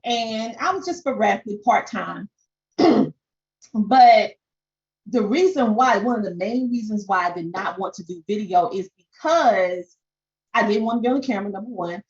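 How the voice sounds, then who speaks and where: A woman with a strong Southern country twang speaks at a medium pitch, coaching her audience over a live webinar. She talks warmly and directly, often tossing in "okay?" to check on her listeners. The audio sounds a little dull, like a home desk mic on an online call. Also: normal speed. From Southern United States. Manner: animated, peppers talk with "okay?". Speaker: podcast coach. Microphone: desk microphone.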